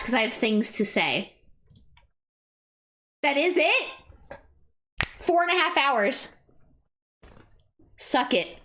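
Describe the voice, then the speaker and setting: A young woman streaming and chatting casually, bursting into excited exclamations and casual swearing. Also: high voice. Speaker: streamer reviewing card sets. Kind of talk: casual livestream chat.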